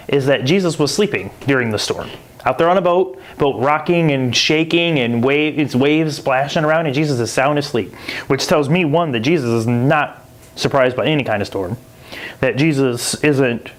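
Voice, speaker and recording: A man at a middle pitch gives a relaxed Bible lesson on his podcast. He talks loosely with plenty of "like" and "kinda," and he jumps high when he acts out the voices in the stories. The telling is animated and chatty. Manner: animated storytelling, acting out quoted voices in a jumpy high pitch; loose and conversational, with many 'like' and 'kinda'. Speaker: podcast host. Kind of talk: casual Bible teaching.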